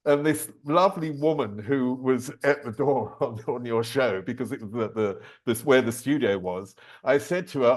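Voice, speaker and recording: A man's voice: mid-range voice, normal speed, hardly any pauses. A man hosting an interview, telling a story in a chatty way and laughing as he talks. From southern England. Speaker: podcast host, interviewer. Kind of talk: casual interview chat.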